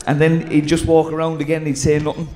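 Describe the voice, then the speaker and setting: A man's voice: on the high side, monotone, quick pace, dark tone. An Irish man, a former player and guest at a live podcast show, telling a casual, profane anecdote about his old manager.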